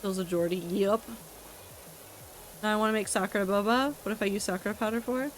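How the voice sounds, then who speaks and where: Quick-paced and steady-toned, this medium-pitched woman chats casually while gaming, responding to her chat with wry, talkative asides and some profanity. The recording quality is low.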